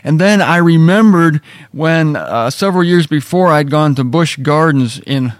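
A man's voice: fairly high pitch, normal speed, no echo, studio quality. A middle-aged man hosting a casual devotional talk, telling self-deprecating stories. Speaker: radio host.

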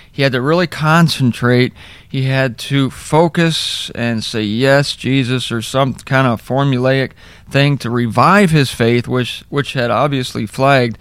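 A man's voice: medium pitch, clear, resonant tone, no room sound. A middle-aged man hosting a daily Bible talk, telling stories with humor and mocking asides in a conversational sermon style.

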